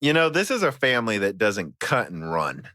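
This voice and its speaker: Lively, bright-voiced podcast host. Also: male voice, lowish voice, normal speed, dry recording, clean studio sound. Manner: animated, chatty, reads listener mail. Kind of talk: casual podcast chat.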